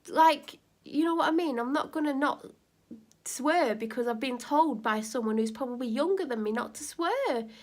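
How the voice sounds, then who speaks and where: A woman vlogging casually, retelling a neighbour dispute animatedly and getting louder at heated moments. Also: sits high. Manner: animated, rising to near-shouting when retelling an argument. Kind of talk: casual storytelling vlog.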